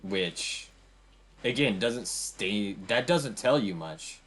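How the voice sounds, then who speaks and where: A man's voice: on the low side, animated, slow pace, fairly bright tone. A young man streaming a game, giving a rambling, emphatic commentary with frequent restarts. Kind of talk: casual gameplay commentary.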